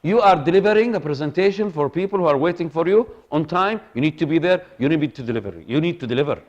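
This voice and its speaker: Animated male lecturer. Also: a little high, quick pace, lo-fi sound. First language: Arabic. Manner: animated, repeats himself, asks the audience for agreement. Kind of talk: classroom lecture on presenting.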